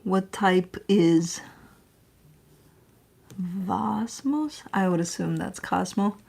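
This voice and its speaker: A woman casually reading tarot cards on a livestream, chatty and rambling, who breaks off to coo at her pets in a high, excited voice. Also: extremely slow, gravelly, slightly rough. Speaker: tarot reader.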